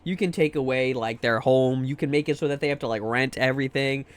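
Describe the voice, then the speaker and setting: A man's voice: medium pitch, brisk, clear, resonant tone. A young American man ranting casually on a livestream, rambling and profane, repeating words as he restarts sentences. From United States. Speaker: livestream host. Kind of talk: casual stream chat.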